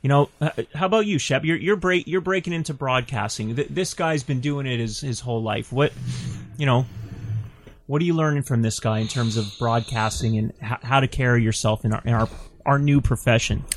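Canadian male host, mid-pitched, friendly conversational lead. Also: fairly quick. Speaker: podcast host. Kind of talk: casual chat.

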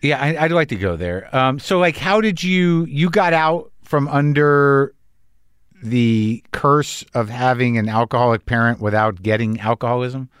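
A man's voice: mid-range voice, measured pace, fairly bright tone, smooth, no echo. A middle-aged man hosting a podcast, asking loose, casual questions full of "like"s. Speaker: podcast host. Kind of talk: casual interview.

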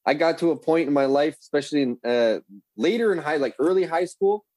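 A man's voice: a little high, lively intonation, fairly quick, a little mellow, no room sound, rough recording. A man in his thirties telling rambling, profane stories in a casual chat, often correcting himself. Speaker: guest.

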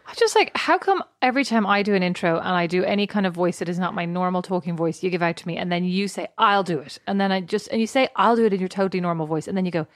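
A woman bantering on a podcast, quick and teasing, cutting in on her co-host. She speaks fast at a middle pitch. The recording is dry and close. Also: no echo. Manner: teasing, quick, talks over her sister. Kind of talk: casual chat.

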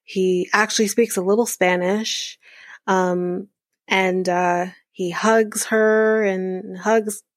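A woman's voice: medium pitch, steady tone, slow, no echo, studio quality. A woman hosting a podcast, recapping a reality show in a chatty, rambling way with lots of fillers. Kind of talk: casual recap chat.

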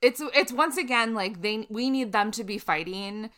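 A woman's voice: fairly high pitch, normal speed, bright, forceful tone. A woman comedian guest in casual chat, talking things through analytically with lots of "like".

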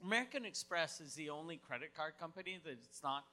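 Bright-voiced joking podcast man. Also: on the high side, expressive. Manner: crude, joking, quick interjections. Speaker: podcast co-host. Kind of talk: casual comedic chat.

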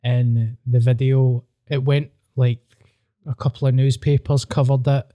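A man's voice: mid-range voice, little pitch movement, measured pace, mellow, no echo, studio quality. A Glaswegian man in his thirties, hosting a podcast with sweary, rambling storytelling in casual chat. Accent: Scottish, Glasgow. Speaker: podcast host.

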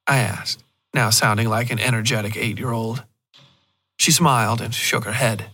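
Male narrator, mid-pitched voice, steady measured horror story reading. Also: vocal fry, husky. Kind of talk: scripted narration.

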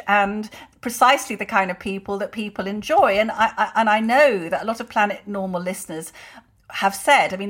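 A woman in her sixties, co-hosting a political podcast and speaking in an indignant, opinionated way. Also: mid-range voice. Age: 60s. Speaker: co-host. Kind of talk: casual political podcast chat.

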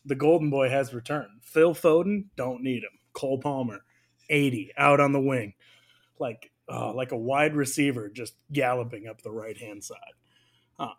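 A man's voice: medium pitch, moderate pace. A man co-hosting a casual soccer podcast, joking and rambling, laughing often. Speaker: podcast co-host. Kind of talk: casual chat.

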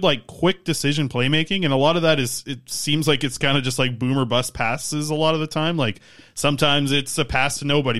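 A tired man co-hosting a casual sports podcast, rambling in animated hockey talk. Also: medium pitch. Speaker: podcast co-host.

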